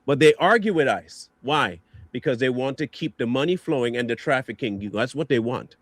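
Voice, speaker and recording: A man's voice: medium pitch, expressive, normal speed, dry recording. A man hosting a stream, delivering an angry, mocking reaction rant full of insults. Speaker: stream host.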